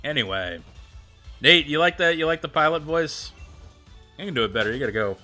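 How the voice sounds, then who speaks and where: A man livestreams, chatting casually with viewers, rambling with plenty of fillers and replying to them by name. His fairly high voice is pushed and bright, brisk with lively intonation, over soft background music.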